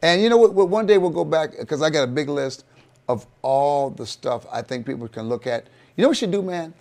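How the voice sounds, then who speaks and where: A middle-aged man co-hosting a casual tech chat show, excitable and rambling, calling his co-host "dude" and "bro.". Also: a little high, brisk.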